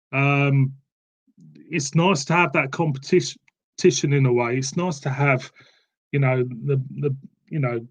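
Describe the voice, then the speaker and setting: Rambling southern English beer-stream host. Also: male voice, medium pitch, a little mellow. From southern England. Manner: rambling and repetitive, calls viewers "mate". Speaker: beer reviewer hosting a live stream. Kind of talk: casual live-stream chat.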